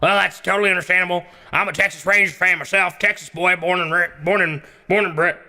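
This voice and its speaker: A man's voice: sits high, steady tone, quick pace, sharp tone, heavily acted. A man voicing a blustering Texan talk-show host who rambles with many fillers, in an echoey hall. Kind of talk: comedy sketch role-play.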